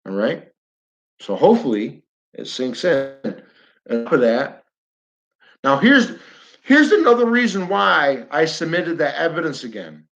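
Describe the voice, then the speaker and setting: A man's voice: a little high, sing-song, measured pace, pauses often, a bit bright, dull audio. A man with a New York accent ranting bluntly on a livestream, repeating himself and talking straight to his viewers. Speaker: flat earth livestreamer. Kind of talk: fired-up livestream rant.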